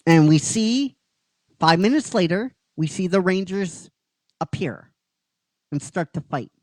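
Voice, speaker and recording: Halting, animated male storyteller. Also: high-pitched, no room sound, poor audio. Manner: halting, with restarts, occasional swearing. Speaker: show host. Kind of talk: casual story retelling.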